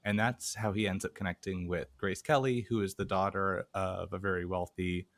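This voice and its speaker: A man co-hosting a podcast, chatting casually about a film, relaxed and meandering with many fillers. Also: low-pitched, normal speed, no echo. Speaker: podcast co-host.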